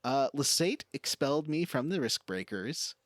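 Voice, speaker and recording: A man's voice: mid-range voice, very animated, normal speed, no echo, studio quality, close to an everyday voice. A man voicing a smug, money-loving male swordsman from a video game in an offhand, casual paraphrase. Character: male game character, mercenary swordsman, mercenary and flirty.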